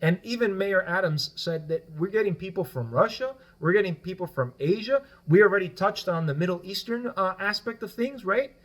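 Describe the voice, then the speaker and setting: A man with a notably high voice talks through his points as a guest on a casual podcast. His first language is Spanish. He explains at length and tags his points with "right?". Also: lively intonation, normal speed, few pauses, a bit bright. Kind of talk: casual political podcast discussion.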